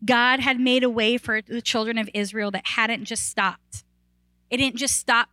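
Delivering a sermon a little slowly, this woman pastor keeps it conversational and animated, leaning on "like" and often starting sentences over. When excitement builds, her voice gets higher and louder. The audio is dry and rough.

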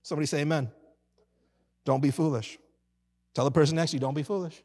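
A male pastor with a high, bright-toned voice delivers a sermon, drawing on call-and-response with his congregation. His words ring out with a long reverb tail, as in a big church hall. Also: steady tone, fast, breathy edge.

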